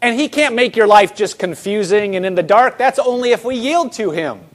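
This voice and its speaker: A man's voice: high-pitched, expressive, moderate pace. A man preaching a sermon, emphatic, asking the congregation rhetorical questions and repeating words for emphasis.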